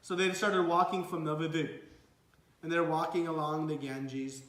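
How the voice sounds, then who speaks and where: A man telling a devotional story as a sermon, animated and acting out the characters. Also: on the high side, normal speed, reverberant. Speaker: devotional speaker.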